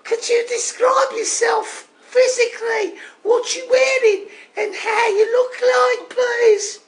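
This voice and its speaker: A man voicing a cheeky male caller from Birmingham with a Birmingham accent, talking high, loud and flirty. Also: flat delivery, takes it slowly, reverberant, distant mic, full character voice, rough recording. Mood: cheeky flirting. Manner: shouty, high, flirty, laughing.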